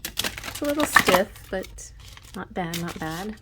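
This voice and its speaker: A woman hosting her own channel, flipping through a card deck and reading its texts in a soft half-whisper between casual, laughing asides. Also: mid-range voice, animated, takes it slowly, very noisy. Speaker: tarot channel host. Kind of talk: deck flip-through review.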